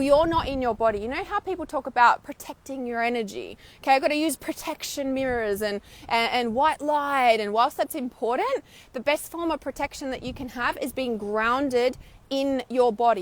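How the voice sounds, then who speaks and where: A woman with a voice pitched a touch above average gives a spiritual lesson, filming herself as she talks. Her delivery is casual and animated, with frank swearing and quick acted-out inner voices as examples. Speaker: intuitive healer and spiritual mentor. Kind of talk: spiritual teaching talk to camera. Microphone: filming herself on camera.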